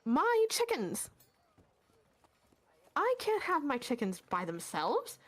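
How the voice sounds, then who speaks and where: A woman voicing a shrill chicken-seller. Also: huge pitch swings, slow, heavily acted. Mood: indignant. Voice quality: shrill, scolding. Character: shrill, fussy woman guarding her chickens.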